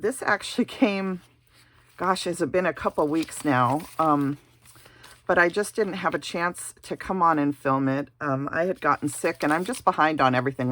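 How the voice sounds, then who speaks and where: A woman vlogger chatting casually about new stamps in her craft studio, gushing and pausing with many ums and uhs. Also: low-pitched, a bit bright. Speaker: card-making vlogger. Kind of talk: casual show-and-tell chat.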